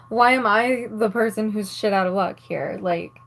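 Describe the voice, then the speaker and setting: This is a slow woman's voice of medium pitch. She's a vlogger doing her makeup and casually ranting on camera, irritated and angry, with plenty of swearing and a steady stream of "like" fillers.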